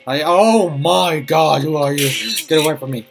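Excitable man narrating his gameplay. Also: a little high, moderate pace, vocal fry, over music. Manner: excitable, flustered, repeats himself. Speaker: gaming channel host. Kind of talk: let's play commentary.

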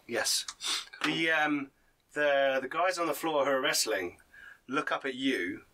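A man's voice: medium pitch, unhurried, pushed and bright. A man narrating as game master, describing combat in vivid, gory detail.

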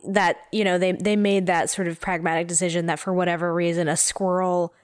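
A woman's voice: lowish voice, flat delivery, fairly quick, smooth, dry recording, studio quality. A woman co-hosting a casual podcast chat, talking with many fillers and restarts. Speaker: podcast co-host.

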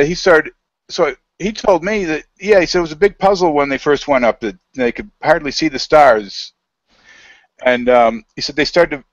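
A man telling a rambling story in a casual, halting way, full of fillers and quoted dialogue, over a video call. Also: medium pitch, no echo, dull audio. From United States.

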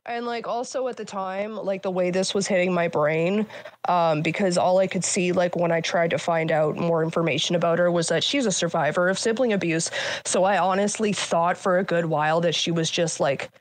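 A woman's voice: fairly low pitch, steady tone, normal speed, dry recording. A woman in her thirties recounting painful family memories as a guest, blunt and candid, swearing often, with many fillers. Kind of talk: candid personal storytelling.

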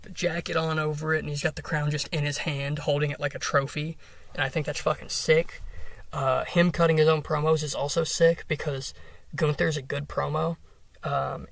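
A man's voice: on the high side, vocal fry, no room sound. A young man hosting a solo podcast, ranting enthusiastically with lots of swearing and filler words. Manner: enthusiastic, profane, rambling with fillers. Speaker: podcast host. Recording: dry, a bit far from the mic.

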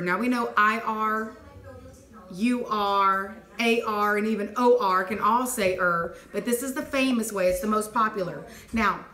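A woman teacher leading a phonics dictation lesson, clearly sounding out letters and words and praising answers. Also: medium pitch, sharp tone. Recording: echoey room with faint noise.

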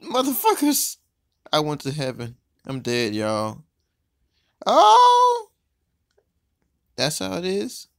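A man giving casual, excitable commentary while playing a mobile game, swearing often and swinging between loud outbursts and low mutters. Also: unhurried, creaky, hardly any pauses, smooth, no room sound, studio quality.

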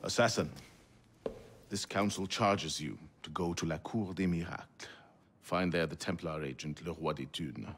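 A man's voice: low-pitched, normal speed, slight background noise, natural voice. An actor playing a grave, formal male mentor of an assassin order in a video game. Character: stern older male assassin mentor, commanding.

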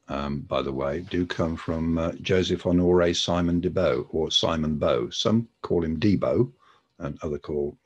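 A man with an extremely deep, husky voice gives a webinar lecture on podiatry. He talks in a loose, conversational way, with many ums and restarts. He speaks into a computer microphone.

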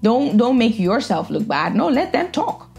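A woman's voice: fairly high pitch, very animated, unhurried, vocal fry, a little mellow, faint music behind. Opinionated woman giving blunt commentary. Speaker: reaction vlogger. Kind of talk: casual commentary.

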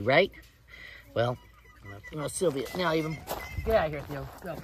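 On her small farm, a woman vlogs casually for viewers, scolding and coaxing her chickens as she does chores outside. Her voice is low-pitched and moderately paced with frequent pauses, and the background is noisy with clucking chickens and birds.

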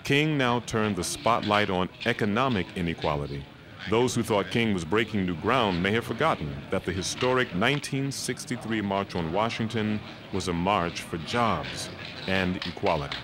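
A man narrating a documentary in an even, informative, scripted way. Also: fairly low pitch, normal speed. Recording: narration with audible background noise.

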